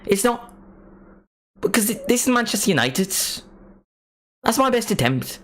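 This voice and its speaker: This is a man doing a whiny Manchester football pundit with a broad put-on Mancunian accent. The voice is pushed high and keeps repeating the same phrases. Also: very animated, moderate pace, a bit bright, full character voice. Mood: mock indignant. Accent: Mancunian impression. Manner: repetitive, exaggerated, high-pitched.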